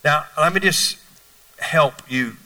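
Pastor on stage, animated storyteller, slightly high voice with a sharp, bright edge, heard from afar. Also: male voice, slow pace, far from the mic, rough recording. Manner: storytelling, lively, playful. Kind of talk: sermon. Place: church stage.

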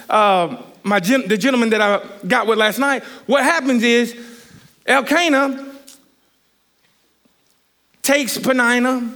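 High-voiced man preaching a story. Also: slow, long pauses. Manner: animated, rambling, many restarts and fillers. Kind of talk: storytelling sermon.

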